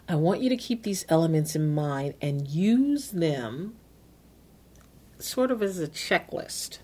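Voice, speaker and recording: A woman's voice: on the low side, dark tone. A woman hosting a self-help podcast, coaching listeners step by step and repeating key phrases. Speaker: podcast host. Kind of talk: motivational self-help talk.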